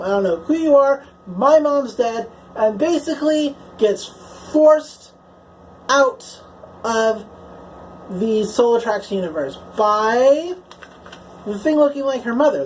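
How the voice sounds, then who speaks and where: A woman's voice: fairly high pitch, lively intonation, takes it slowly, a little mellow, a little hiss or hum, poor audio. A woman casually recapping a TV episode as a reviewer, chatty and swearing freely, filling her talk with "like" and "you know".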